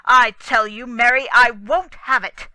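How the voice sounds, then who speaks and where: An indignant, angry young English husband, as a woman reader puts him on, raising his voice in a loud, shouting storybook delivery. The tone is bright and the sound dry. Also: on the high side, fairly even intonation, slow pace, no echo, pitched above the performer's own voice, full character voice, low-quality recording. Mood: furious.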